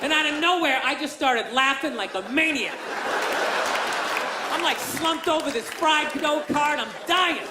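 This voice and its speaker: On a theater stage before a live audience, a man with an extremely high-pitched voice performs a stand-up routine at an unhurried pace. He rants with profanity and acts out other people's voices. The stage mic picks up loud crowd laughter and noise.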